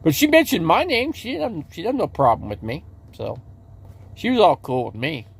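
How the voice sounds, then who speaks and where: With a fairly high, creaky, slightly rough voice that swings widely in pitch, a man talks at normal speed on a livestream from his RV. He chats loosely with viewers, stumbling through restarts and repeated words.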